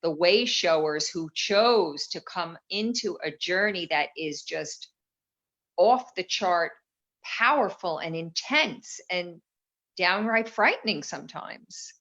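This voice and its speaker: A woman with a lowish voice talks earnestly about inner healing as a guest, unhurried and encouraging. She is heard over a video call. The sound is dull and lo-fi. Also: expressive, fairly bright tone. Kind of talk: spiritual conversation.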